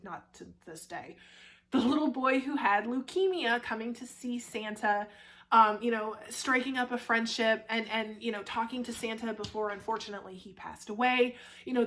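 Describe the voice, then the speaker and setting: A young woman talks to her camera about a favourite book in a casual, gushing way. Her voice sits fairly high, and she piles up fillers and restarts as she goes. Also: fairly bright tone. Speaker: book reviewer.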